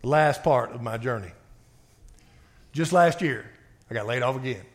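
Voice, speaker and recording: Man, pastor, emphatic sermon, scripture reading, mid-pitched voice. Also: moderate pace. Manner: emphatic, swings between forceful outbursts and quiet reading.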